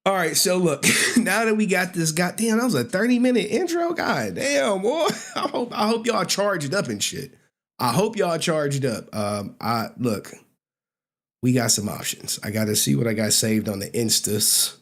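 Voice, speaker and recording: A man's voice: a little high, lively intonation, moderate pace, fairly bright tone. A young man hosting a livestream, rambling casually with slang and swearing and laughing often. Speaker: livestream host.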